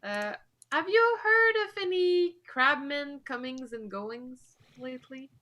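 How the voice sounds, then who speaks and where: A woman's voice: high voice, expressive, slow pace, bright, forceful tone, a little hiss or hum. A woman playing a tabletop game, speaking playfully as her magic-user character and slipping in and out of character. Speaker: player. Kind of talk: in-character tabletop role-play.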